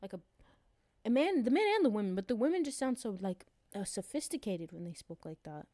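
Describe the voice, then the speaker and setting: A woman's voice: mid-range voice, big pitch swings, fairly quick, mellow, dry recording. Playful young woman, dry close sound. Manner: playful, giggly, chatty. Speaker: podcast co-host. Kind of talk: casual chat. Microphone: video call.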